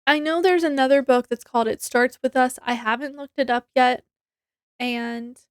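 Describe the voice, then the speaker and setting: A woman's voice: high-pitched, no echo, clean studio sound. A young woman reviewing a book in a casual chat, rambling and correcting herself, with frequent giggles.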